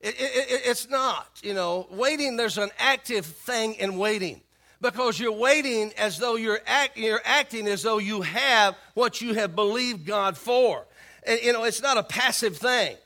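A man's voice: sits high, measured pace. A male pastor preaching a sermon, calling on the congregation to respond and repeating key phrases. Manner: animated, acts out voices of worried believers.

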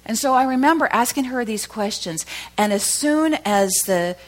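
A woman's voice: on the high side, expressive, normal speed. Woman preaching a storytelling sermon. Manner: storytelling, building to loud emphatic peaks.

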